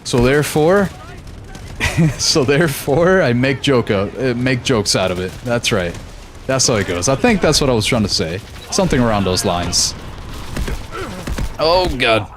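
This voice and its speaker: A man's voice: medium pitch, animated, normal speed, pauses often, a bit bright. A young American man streaming a shooter game, chatting casually with his chat and laughing often. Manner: laid-back, laughs often, reads chat aloud. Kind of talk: casual live-stream chat while gaming.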